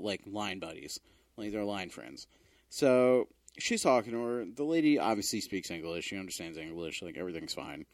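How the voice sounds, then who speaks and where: Animated storytelling man, lively swings. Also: no echo, studio quality. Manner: animated storyteller, swearing, jumping into high squeaky exclamations. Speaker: podcast co-host. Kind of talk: casual chat.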